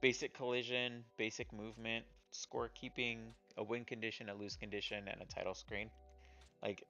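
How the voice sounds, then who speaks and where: An indie game developer and streamer casually shows the small games he has made, rambling and putting himself down with many fillers. His lowish voice has little pitch movement and a bright, forceful tone at a moderate pace; the audio is muffled with faint music behind.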